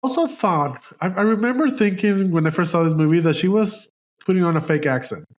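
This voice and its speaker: An animated man hosting a casual podcast, his voice sitting a little above the usual male pitch. He talks about films loosely, tripping over restarts and dropping the odd swear word. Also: a little fast. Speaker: podcast host. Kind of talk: casual film chat.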